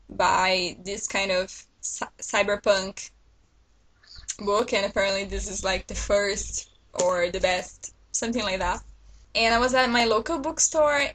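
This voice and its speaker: A woman's voice: mid-range voice, a bit bright, a little hiss or hum, rough recording. A woman vlogger chatting casually to her viewers about new books, enthusiastic and talkative. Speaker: book vlogger. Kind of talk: casual book haul chat to camera.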